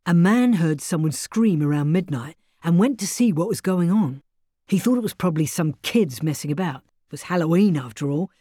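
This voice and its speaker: Woman reading as a grave, measured man, low voice, dry read. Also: expressive, dark tone, husky, no room sound. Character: male police station colleague, calm adult man.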